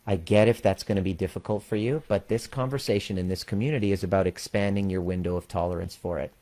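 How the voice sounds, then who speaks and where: A man with a very low voice speaks candidly to his community, telling a story in plain words and swearing freely. He slows down to stress his main points, like a coach talking straight to his members. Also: steady tone, mellow. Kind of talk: personal story and address to a community.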